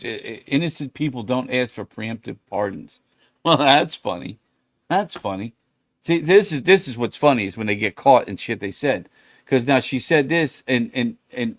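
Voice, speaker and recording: A man's voice: medium pitch, no room sound. Middle-aged male podcast host, blunt and profane, ranting in casual talk, dry studio sound. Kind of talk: casual political rant.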